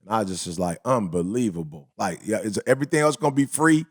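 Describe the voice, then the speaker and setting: A man co-hosting a casual podcast chat, telling stories in a lively, slangy way and acting out other people's lines. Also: lowish voice, quick pace, no room sound, clean studio sound. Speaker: podcast co-host.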